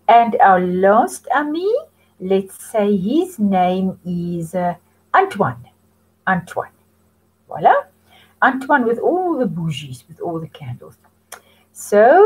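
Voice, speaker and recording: Slow, lively-voiced woman teaching children. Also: a little high, husky, poor audio. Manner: slow, patient, sing-song prompting for repetition. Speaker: French teacher. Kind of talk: children's language lesson.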